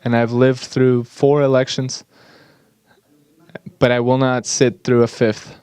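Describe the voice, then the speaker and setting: A man giving an earnest, slightly halting English voice-over interpretation of speakers at a conference. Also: mid-range voice, flat delivery, a little mellow, clean tone, no echo.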